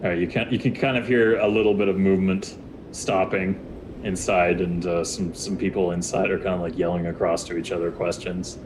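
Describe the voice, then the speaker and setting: A man's voice: low-pitched, steady tone, a little fast, noisy background. A man narrating a tabletop game as game master, rambling with many fillers and restarts.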